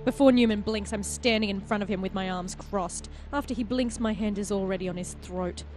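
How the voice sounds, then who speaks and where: A woman playing a story game, reading its text aloud as an expressive narrator and chatting between passages. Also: medium pitch, a little fast, soft background music. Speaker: player and host of a game playthrough.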